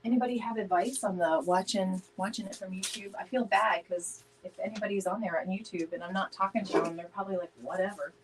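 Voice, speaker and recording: A woman's voice: medium pitch, steady tone, quick pace, few pauses, slight background noise, rough recording. A woman chatting casually with viewers during a live craft stream, laughing often and greeting people by name. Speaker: DIY home decor live streamer.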